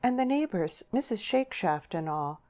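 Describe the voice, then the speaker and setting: A tender, proud young countrywoman with rustic dialect speech, pitched well above the reader's own low voice, as a woman reads her part. She pleads earnestly and sounds torn, with a lifted, brighter tone. Storybook audiobook delivery. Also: lively intonation, normal speed, close to an everyday voice. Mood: pleading.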